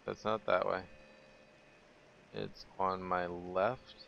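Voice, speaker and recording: Gravelly sarcastic male game streamer. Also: sits low, level tone, takes it slowly, dull audio, slight background noise. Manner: sarcastic, mumbling asides. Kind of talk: casual gameplay commentary.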